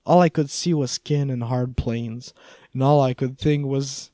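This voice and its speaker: A man's voice: mid-range voice, steady tone, a little slow, mellow, dry recording. A man reading a first-person audiobook in a wry, conversational way. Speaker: audiobook narrator.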